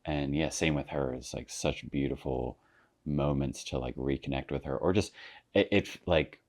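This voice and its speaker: A podcast host asking gentle questions and giving many soft backchannel responses. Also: rumbling low, normal speed. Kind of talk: casual interview chat.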